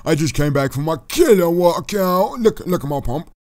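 Guy voicing a show-off gym rat, teasing everybody, swoopy lively voice, dry mic, minecraft roleplay. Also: on the high side, moderate pace, dry recording. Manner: bragging, mocking, lively. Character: cocky gym-obsessed male rat, boastful and teasing.

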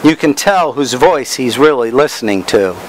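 A man's voice: mid-range voice, expressive, normal speed, slight background noise, rough recording. A man preaching a Bible study, reading verses aloud and stressing words as he explains them.

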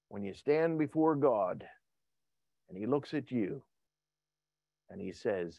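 A man preaching a Wednesday night sermon who acts out voices and shouts for effect. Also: mid-range voice, expressive, slow pace, gravelly, long pauses, no echo, highs cut off. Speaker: pastor.

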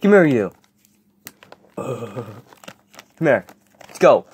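A man voicing characters in a comedy skit, rowdy and exasperated, swearing and yelling often. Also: medium pitch, very animated, slow pace, long pauses, breathy edge.

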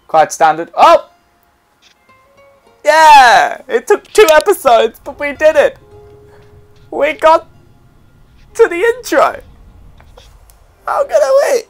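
A young man giving casual let's play commentary, excitable and jokey, talking to himself and swearing now and then. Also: very high voice, slow pace, long pauses, faint music behind. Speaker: gameplay commentator.

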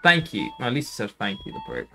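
A man's voice: on the low side, big pitch swings, racing, over music. A man streaming a game, casually commenting, joking and swearing at the characters.

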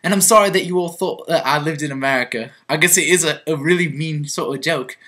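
A man's voice: on the high side, a little fast, bright, forceful tone. A young man vlogging a comic mock confession, rambling and mock-earnest, stumbling over restarts. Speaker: vlogger on a group channel.

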